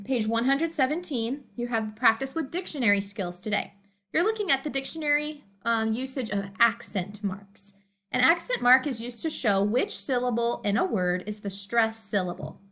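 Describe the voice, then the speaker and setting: A fairly high-voiced woman teacher talks students through their assignments. She explains patiently and step by step, as in recorded homework instructions. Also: fairly bright tone.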